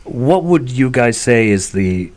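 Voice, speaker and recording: A man's voice: mid-range voice, big pitch swings, a little mellow. Chatty male radio host. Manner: chatty, quick agreeing interjections. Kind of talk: casual radio interview. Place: radio studio.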